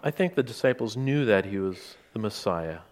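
A man's voice: fairly low pitch, expressive, moderate pace, a little mellow. Conversational man preaching. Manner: conversational, with some restarts and asides. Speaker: pastor. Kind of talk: sermon.

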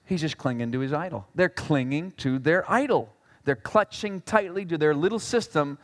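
A male pastor preaching a sermon in an animated way. He swings between loud exclamations and quiet asides and slips in jokes. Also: sits high, big-room sound.

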